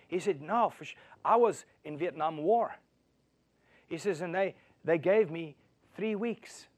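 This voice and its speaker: A pastor with a high voice preaches a sermon at a measured pace. He moves between booming emphasis and quiet, intimate storytelling. He repeatedly challenges his audience with rhetorical questions.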